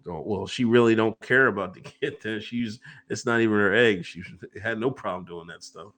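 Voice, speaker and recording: A man co-hosting a casual podcast, reading viewer messages and joking in an animated way with lots of laughter. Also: on the low side, a little fast.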